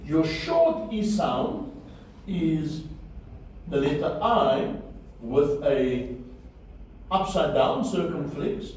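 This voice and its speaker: Speaking extremely slowly with long pauses, a man with a darkish voice on the high side and big pitch swings delivers a Biblical Hebrew lecture. He repeats key words and makes sure his students follow. The recording is very echoey and distant, with faint room noise.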